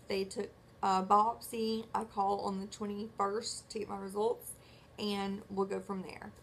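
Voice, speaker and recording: A woman's voice: medium pitch, flat delivery, unhurried, a bit bright, slight background noise. A woman vlogger telling a personal story in casual, rambling chat, correcting herself often. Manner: chatty, rambling storyteller who acts out quoted dialogue; self-correcting, filler-heavy.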